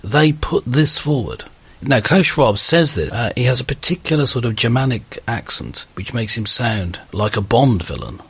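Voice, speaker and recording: A man hosting an audio discussion, talking in an earnest, animated conversational way. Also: mid-range voice, moderate pace, slightly rough, no room sound. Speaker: podcast host.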